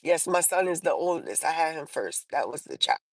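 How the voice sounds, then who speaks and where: A woman's voice: sits low, very animated, a little fast, no room sound, poor audio. A woman hosting a livestream, telling personal stories in a casual, rambling way, full of fillers and restarts. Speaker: livestream host. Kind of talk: casual storytelling chat.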